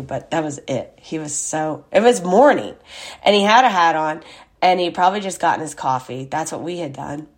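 A woman hosting a podcast, telling a rambling personal story in a chatty, casual way with lots of fillers and asides. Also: low voice. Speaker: podcast host.

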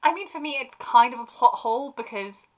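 A woman co-hosting a podcast in casual chat, animated and quick to act out silly voices. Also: high voice. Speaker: podcast co-host.

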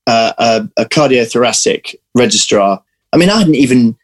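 A man talking as an interview guest, animated and chatty, often breaking off and restarting his sentences. His pitch sits in the middle range for a man. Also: normal speed, a little hiss or hum. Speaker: actor guest. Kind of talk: casual interview chat.

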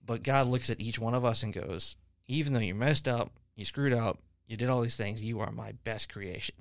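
A man's voice: medium pitch, normal speed, creaky, no room sound, clean studio sound. A man hosting a podcast, chatting casually about faith with guests and telling long stories full of fillers and restarts. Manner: rambling storyteller, many fillers and restarts. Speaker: podcast host.

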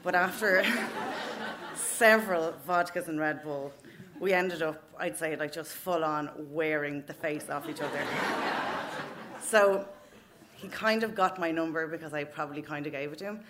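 A woman's voice: deep voice, moderate pace. Frank Irish woman telling a story. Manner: frank, swearing, laughing through her story. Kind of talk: live comic storytelling. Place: open mic night with an audience. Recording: noisy live venue recording.

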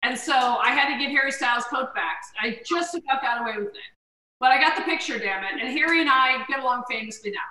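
A middle-aged woman comedian spins stories in a casual chat. Her voice is high and sharp, and she throws herself into other people's voices. She sits back from the mic in a roomy kitchen with faint noise behind her. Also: fast talker, recorded from a distance. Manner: animated storyteller who acts out quoted voices. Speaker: guest comedian. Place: home kitchen.

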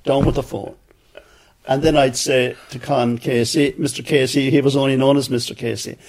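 An older man, a former journalist, tells anecdotes in an interview and acts out other people's quoted words. His voice is medium-pitched, level and a little mellow, at normal speed.

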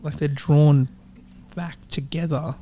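A man's voice: fairly high pitch, steady tone, slow, warm tone, slight background noise. A man chatting casually about a film, rambling with lots of "like" and swearing freely.

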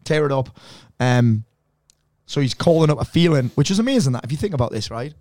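A man's voice: medium pitch, a little fast, no echo. A man, a mindset coach chatting casually on a podcast, swearing freely and acting out quotes as he tells stories. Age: 40s. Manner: swearing, animated storytelling with quoted voices.

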